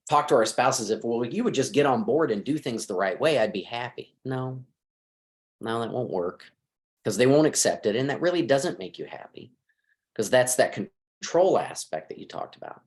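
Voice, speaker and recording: A middle-aged man, a marriage counselor, giving advice in a conversational interview and acting out bits of dialogue as he talks. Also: mid-range voice. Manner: lively, acts out quoted dialogue.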